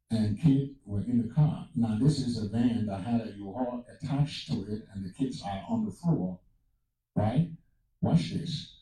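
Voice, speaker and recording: A man's voice: medium pitch, warm tone, heavy reverb, distant mic, rough recording. A man from Africa telling a personal testimony as a sermon, mixing storytelling with exclamations of praise. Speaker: preacher.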